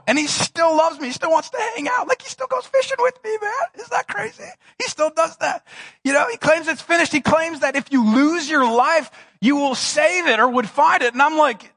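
A man's voice: very high-pitched, animated, moderate pace, pushed and bright, slightly rough. A middle-aged man preaching a sermon, telling it as casual stories and acting out both sides of conversations. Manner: conversational storytelling, acting out dialogue with a friend. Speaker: pastor.

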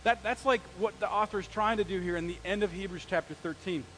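A man with a high voice preaches in a church in a loose, conversational style. He tells stories with asides and talks straight to the people in front of him. He sounds like a pastor in his forties. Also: fast talker, slight background noise, low-quality recording. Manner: conversational, animated storytelling with asides. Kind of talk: sermon. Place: church sanctuary.

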